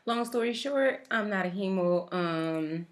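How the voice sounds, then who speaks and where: A woman's voice: medium pitch, lively intonation. A woman vlogger telling a story in a casual, joking way, full of swearing. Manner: profane, joking, fast-talking.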